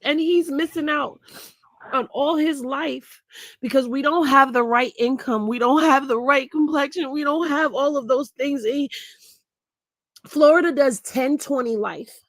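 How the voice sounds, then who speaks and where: A middle-aged woman talks frankly and emotionally in a livestream, leaning on repeated words for emphasis. Her voice sits a little high and carries a gravelly fry. The recording is dry and close. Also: a little slow, no room sound. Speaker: blogger. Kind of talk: candid livestream commentary.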